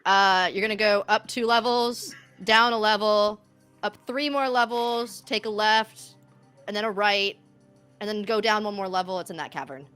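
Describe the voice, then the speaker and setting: A woman voicing a suspicious gnome who slowly gives directions. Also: medium pitch, fairly bright tone, smooth, soft background music, natural voice. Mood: deliberate.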